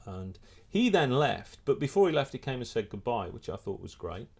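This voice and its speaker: A middle-aged man, a photographer and filmmaker, telling a lively anecdote in a casual interview, restarting his sentences often. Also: medium pitch, moderate pace, creaky, slightly rough. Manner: animated storyteller, many restarts.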